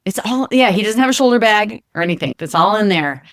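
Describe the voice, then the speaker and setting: Woman rattling off a funny story at the kitchen table, fast, dry sound. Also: medium pitch, no room sound. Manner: animated storyteller acting out quoted voices. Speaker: podcast co-host, flight attendant. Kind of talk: casual storytelling chat. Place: home kitchen.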